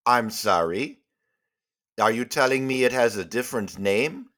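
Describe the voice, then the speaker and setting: A man's voice: medium pitch, measured pace, a bit bright, lightly acted. A man voicing a polite, naive visitor in a comedy sketch, speaking formally. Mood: genial.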